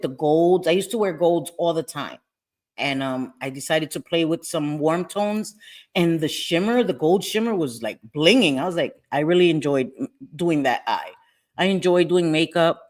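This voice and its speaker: A woman chatting casually on a livestream, reading and answering viewers' comments, talkative and quick to laugh. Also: lowish voice. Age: older. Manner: chatty, laughs often, animated.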